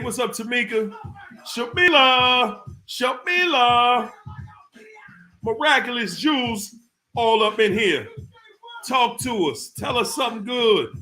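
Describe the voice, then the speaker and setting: This livestream host has a very high-pitched, bright, forceful voice. He gives live chat shout-outs, greeting viewers by name, hyped up and whooping now and then.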